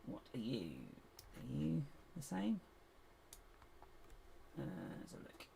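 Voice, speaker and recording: A man's voice: a little high, slow, creaky. A man hosting a casual live stream, chatting and muttering to himself while he builds, with self-mocking asides. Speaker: livestream host building toy bricks. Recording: steady background hiss and keyboard noise.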